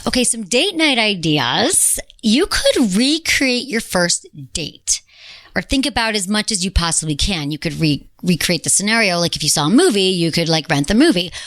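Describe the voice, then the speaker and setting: A woman's voice: fairly low pitch, sing-song, brisk, few pauses, a bit bright, no room sound. Frank, upbeat woman podcast host. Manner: upbeat, frank, advice-giving. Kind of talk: casual chat.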